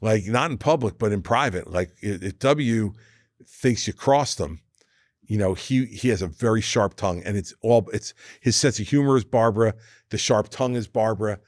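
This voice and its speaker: A man's voice: fairly low pitch, moderate pace, no echo, studio quality. A man in his sixties, a guest telling anecdotes in an interview and acting out the people he quotes. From United States. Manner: anecdotal, quotes others in lively impressions. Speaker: guest, former governor. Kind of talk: storytelling interview chat.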